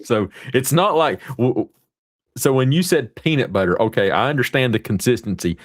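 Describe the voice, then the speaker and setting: A man's voice: medium pitch, animated, moderate pace. A male host chatting casually and jokingly, reading out viewer comments. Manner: reads out viewer comments, jokey. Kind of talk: casual chat.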